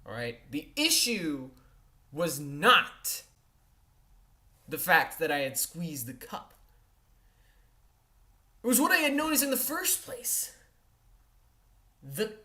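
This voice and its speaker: A woman telling a comic personal story in an animated, exaggerated way, often checking in with her listeners and tossing in mild curses. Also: fairly low pitch. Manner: animated and exaggerated, with frequent "all right?" check-ins; mild exasperated cursing.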